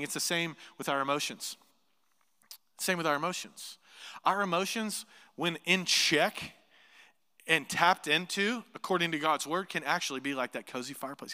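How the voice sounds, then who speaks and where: A male pastor preaches in an animated style, with a high, very bright and forceful voice. He slips into imagined voices and leans in with hushed asides. The sound carries the long reverb of a church hall. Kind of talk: sermon. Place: church sanctuary.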